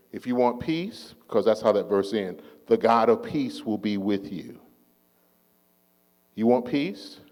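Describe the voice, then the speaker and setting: Low-voiced preacher in a reverberant church. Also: male voice, dark tone. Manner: call-and-response preaching, drawn-out emphatic phrases. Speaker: pastor. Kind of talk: sermon. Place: church sanctuary.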